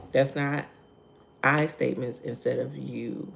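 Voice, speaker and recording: Chatty woman with a gravelly edge. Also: rumbling low, fairly even intonation, a little slow, a bit bright. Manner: chatty, laughs often, repeats her points, greets viewers by name; asks "right?" and "okay?" to draw listeners in. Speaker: host of a morning devotional livestream. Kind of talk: casual devotional livestream talk.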